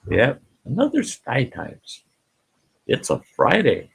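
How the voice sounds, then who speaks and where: A man's voice: mid-range voice, huge pitch swings, slow, creaky, slightly rough. An older man hosting a casual live stream, folksy, greeting chat viewers by name and often laughing, with an Upper Midwest American accent.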